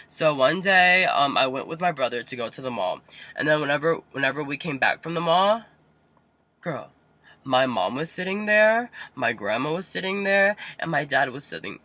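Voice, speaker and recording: A young man telling a personal story to the camera from inside a parked car, chatty and dramatic, full of "like", jumping up high and loud when he quotes himself. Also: no echo. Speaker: vlogger.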